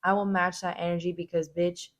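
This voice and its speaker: A woman's voice: fairly low pitch, little pitch movement, a little fast. A woman hosting a reaction video, giving blunt, casual commentary full of swearing.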